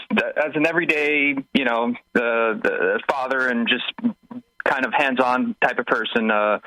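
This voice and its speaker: A hesitant man speaks as an inventor guest on a radio interview, often pausing and restarting. His voice is fairly low and bright, recorded dry and close. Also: no echo, poor audio. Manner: hesitant, full of fillers and restarts.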